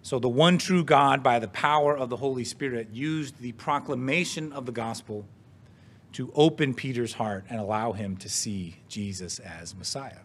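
Preaching with earnest deliberation, the pastor leans on important words, asks rhetorical questions, and clears his throat from time to time. He has a medium-pitched, slightly bright voice.

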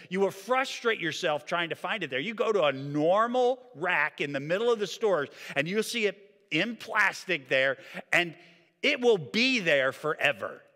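Male pastor preaching in a church hall. Bright, lively voice with long hall reverb. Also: a little high. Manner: animated preaching, drops to quiet emphasis. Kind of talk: sermon. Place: church sanctuary.

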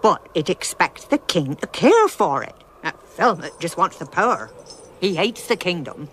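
A woman's voice: fairly low pitch, big pitch swings, normal speed, slight background noise. A woman voicing a stern, proud old witch in a cartoon, haughty and disapproving. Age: older. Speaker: head witch. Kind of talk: animated cartoon voice acting.

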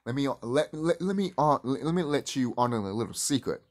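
A man's voice: mid-range voice, lively intonation, a little fast. A man ranting casually to camera in a profane, heated and rambling way. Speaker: vlogger.

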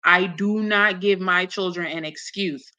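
Blunt, scolding woman with a bright voice. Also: fairly low pitch, fairly even intonation, unhurried. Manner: blunt, scolding, swears heavily; mocks others in put-on voices. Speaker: reaction commentator. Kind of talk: profane reaction commentary.

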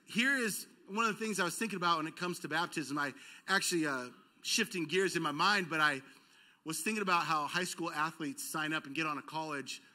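A man's voice: a little high, brisk, bright, forceful tone. A man in his thirties, a pastor preaching a sermon, telling stories and acting out dialogue, building to emphatic peaks. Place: church auditorium.

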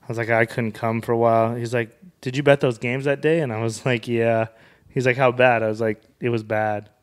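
A man's voice: medium pitch, steady tone, fairly quick, smooth. Man telling a long rambling story. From Wyoming. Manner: rambling anecdotal telling with quoted dialogue. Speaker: comedian and author guest. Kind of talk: casual storytelling in a podcast interview.

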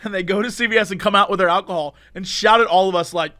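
A man co-hosting a podcast, telling a story in casual chat with animated swings between loud bursts and mumbled asides. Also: high voice, quick pace, few pauses, no room sound, studio quality. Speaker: podcast co-host.

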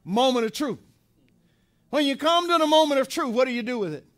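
A man preaching in a church with a strikingly high voice. He drives his points home through repetition and rhetorical questions, then drops low and slow for emphasis. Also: lively intonation, fairly bright tone. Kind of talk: sermon. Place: church sanctuary.

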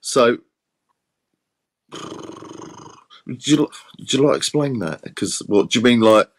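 A man hosting a casual live stream, speaking in a halting way and thanking subscribers. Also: mid-range voice, expressive. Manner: hesitant, halting, fond of fillers. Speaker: livestream host.

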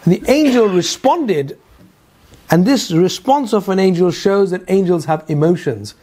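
A man with a high-pitched voice delivers a religious lecture as a Quran teacher. He tells the story in a storytelling way, asks his listeners rhetorical questions and breaks off into asides. He often hesitates on fillers and repeats words. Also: lively intonation, measured pace, warm tone, slight background noise.

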